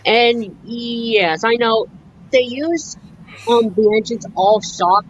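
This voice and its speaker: A woman chatting casually on a video call in a halting way, with fillers. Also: a little high, dull audio, slight background noise. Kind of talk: casual chat.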